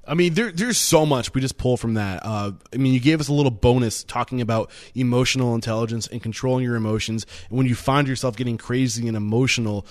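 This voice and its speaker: A man's voice: mid-range voice, fast, hardly any pauses. A man hosting an interview, summing up his guest's points in a reflective way. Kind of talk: casual interview talk.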